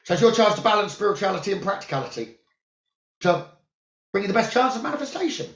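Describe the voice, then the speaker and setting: A man who works as a psychic medium, giving calm, soothing spiritual guidance about the new moon, crystals and journaling. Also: sits high, fast. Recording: roomy, dull lo-fi sound.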